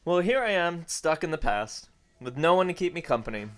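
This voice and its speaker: A man's voice: on the high side, very animated, brisk. A man playing a goofy, chatty, cheerful time-travelling character in a comedy web series. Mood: excited.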